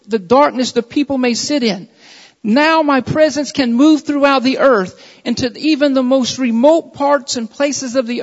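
Man, very high voice, preacher, emphatic repetitive sermon, long echoing hall, muffled lo-fi sound. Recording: dull audio with long hall reverb.

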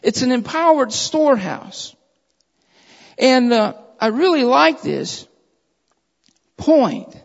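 A man preaching a sermon who reads scripture aloud in a measured way and presses his points with repeated phrases, calling his listeners beloved. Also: very high-pitched, sing-song, vocal fry. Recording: dull lo-fi recording in a reverberant hall.

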